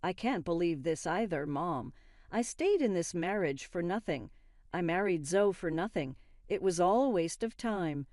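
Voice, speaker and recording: A woman's voice: on the low side, lively intonation, normal speed, darkish tone, dry recording, clean studio sound, natural voice. A woman voicing a greedy, scornful young husband in a plain, blunt read. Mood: bitter.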